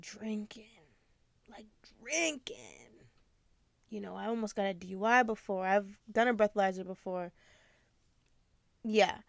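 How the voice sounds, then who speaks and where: A woman's voice: mid-range voice, darkish tone, clean tone, dry recording. A woman in her twenties hosting a podcast, talking candidly and rambling with lots of fillers. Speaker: podcast host. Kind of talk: casual confessional chat.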